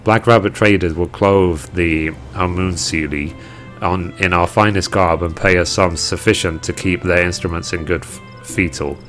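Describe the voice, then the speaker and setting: A man's voice: low voice, steady tone, normal speed, a bit bright, soft background music. A man reading the lines of a gracious female merchant consignor from a game, in formal, flowery old-fashioned speech. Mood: wry. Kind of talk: reading game dialogue aloud.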